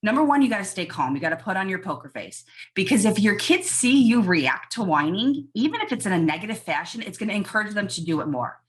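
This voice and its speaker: A woman's voice: mid-range voice, very animated, fast talker. A woman pediatrician giving emphatic parenting advice in a casual podcast interview. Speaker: pediatrician guest.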